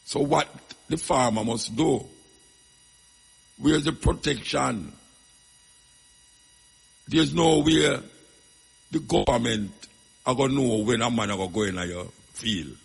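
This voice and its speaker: A man's voice: mid-range voice, takes it slowly, vocal fry, long pauses, breathy edge, long reverb tail. A man with a Jamaican accent, hosting a radio talk show and telling stories in loose, rambling patois full of emphatic asides.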